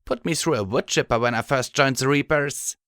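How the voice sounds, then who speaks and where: A man voicing a cheerful female pony soldier who talks about pain with dark amusement. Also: medium pitch, fairly quick, no echo, clean studio sound, voice pushed up, lightly acted. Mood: amused.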